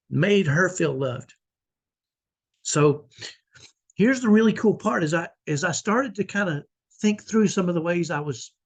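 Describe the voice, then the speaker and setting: A middle-aged man speaks to his viewers in a heartfelt, confessional vlog. His voice is husky and sits a little high, and he often restarts his sentences. He sounds emotional, close to tears. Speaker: vlogger, autism parent. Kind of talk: earnest personal vlog.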